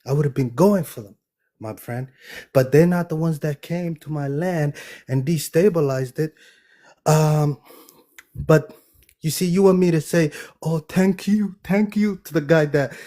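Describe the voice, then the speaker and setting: Mellow man giving a firm rebuttal. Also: on the high side. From Somalia. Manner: measured, firm, calls listener brother. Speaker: panel participant. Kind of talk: live-stream debate.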